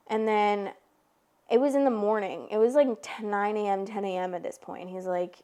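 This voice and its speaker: A woman in her twenties, hosting a podcast, telling a personal story in casual chat, full of "like" and lively retold dialogue. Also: mid-range voice, moderate pace. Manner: chatty, frequent "like", animated retellings. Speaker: podcast host.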